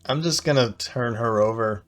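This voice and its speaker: A man's voice: medium pitch, faint music behind. Man musing aloud over a strategy game. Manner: hesitant, fills pauses with "uh". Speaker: game commentator. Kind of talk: thinking-aloud gameplay commentary.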